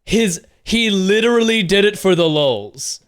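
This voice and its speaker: A young man streaming a game live, reacting to chat with loud, profane disbelief. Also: high voice, measured pace, clean tone. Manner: animated, incredulous and profane, talking straight to chat. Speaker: Twitch streamer. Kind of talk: live gameplay commentary.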